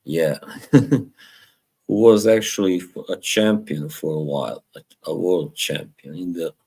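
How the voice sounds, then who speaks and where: A man's voice: low-pitched, unhurried, gravelly, dark tone, slightly rough. A man hosting a casual live stream, rambling, chuckling often and reading chat aloud from home.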